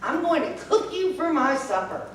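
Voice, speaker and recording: A woman's voice: high-pitched, sing-song, normal speed, slight background noise, voice pushed up. A woman doing a greedy old witch, Bony Legs. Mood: demanding. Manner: demanding, sharp exclamations. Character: wicked old witch with iron teeth, cruel and greedy. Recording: echoey hall from far off.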